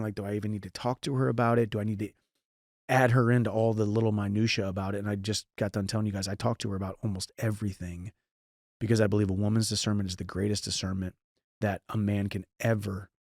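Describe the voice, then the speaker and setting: Answering listener questions on his podcast, this thirtysomething host from St. Louis, Missouri gives casual, earnest advice and restarts himself often. The recording is studio quality with no echo, and his lowish voice has a slightly mellow tone.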